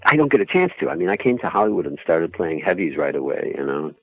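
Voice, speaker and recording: A man, an actor being interviewed, chatting in a relaxed, rambling, self-deprecating way. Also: deep voice, fast talker, vocal fry, dull audio. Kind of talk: casual interview chat.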